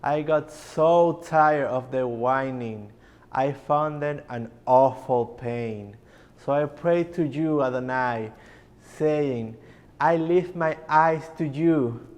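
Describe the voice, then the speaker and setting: Moses, a tired leader worn down by his grumbling people, as a man plays him, tells his story at an unhurried, measured pace. His mid-range voice carries a long hall reverb from a concert stage. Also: medium pitch, close to an everyday voice. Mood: weary. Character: weary adult male Moses leading grumbling people. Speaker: narrator and Moses in a musical. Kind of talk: stage musical narration.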